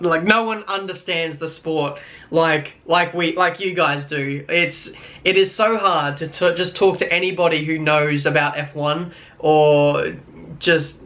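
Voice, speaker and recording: A man's voice: fairly high pitch, bright, forceful tone. A young Australian man with an Australian accent ranting casually in a vlog, rambling with many fillers and wry complaints. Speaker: YouTuber.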